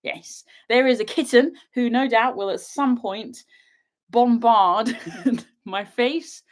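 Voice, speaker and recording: A woman's voice: on the high side, slow pace. A young woman from England chatting bubbly and giggly to her livestream viewers from a sofa at her father's house, a little sniffly from a cat allergy. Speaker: outdoor vlogger hosting a livestream. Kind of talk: casual livestream chat to viewers.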